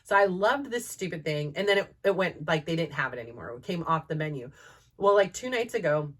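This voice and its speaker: A woman in her thirties with a slightly low voice chats through a casual storytelling monologue. She rambles and fills her sentences with "like" and "um", and she laughs often as she talks. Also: expressive, brisk. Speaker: podcast host.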